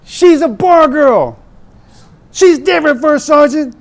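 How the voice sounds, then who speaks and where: A man's voice: very high-pitched, steady tone, moderate pace, a little mellow, pitched above the performer's own voice. A man voicing a lovesick young male marine who pleads stubbornly with his sergeant. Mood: pleading. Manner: whiny, insistent pleading.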